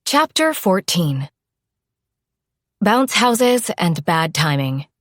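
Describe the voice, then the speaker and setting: A woman narrating a first-person audiobook in a soft, often whispered, unhurried delivery. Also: lowish voice, big pitch swings, no echo, studio quality.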